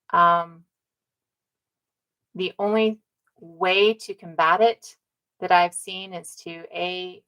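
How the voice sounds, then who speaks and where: A woman's voice: on the low side, gravelly, a bit bright, poor audio. A woman from North America giving an emphatic, casual talk, who repeats her points and keeps checking in with "right?". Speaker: speaker on ancestry and community.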